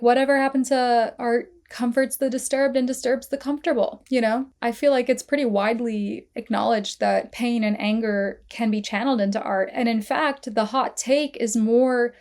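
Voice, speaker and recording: A young woman with a tired, strained voice hosting a casual film review and animatedly analyzing characters. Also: on the high side. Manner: animated, acts out characters' lines while retelling scenes.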